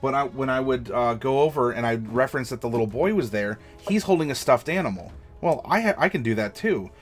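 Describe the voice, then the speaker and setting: A man's voice: medium pitch, animated, fairly quick, faint music behind. An American man, a game master and streamer, giving tabletop storytelling advice in an enthusiastic, demonstrative way. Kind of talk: livestream advice chat.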